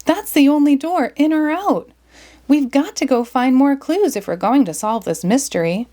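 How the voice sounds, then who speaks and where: A woman voicing a smart, calm teenage girl detective who explains things in a measured, matter-of-fact way. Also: high voice, pitched above the performer's own voice.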